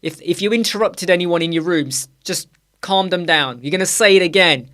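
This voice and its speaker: A man's voice: high-pitched, fairly quick, pushed and bright. A young man hosting a live web design Q&A stream, talking casually with energy and repeating key phrases for emphasis.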